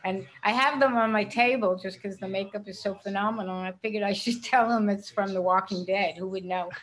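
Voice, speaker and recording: An older actress in a casual interview, a chatty storyteller who laughs often. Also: female voice, mid-range voice, steady tone, fairly quick, fairly bright tone, rough recording. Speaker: actress guest.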